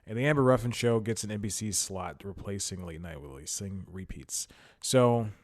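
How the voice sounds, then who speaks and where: Male solo podcast host, slightly low voice, loose rambling delivery with chuckles, a bit winded. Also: moderate pace. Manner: rambling, self-mocking, chuckles often. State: slightly out of breath. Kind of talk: casual solo podcast chat. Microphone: headphones and studio mic.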